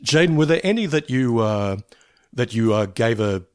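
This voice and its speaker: A man's voice: medium pitch, animated, normal speed, darkish tone, clear, resonant tone, no echo. A man co-hosting a podcast asks questions in a mid-range voice, stopping and rephrasing as he goes. The sound is dry, with no room around it. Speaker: podcast co-host. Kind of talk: podcast interview.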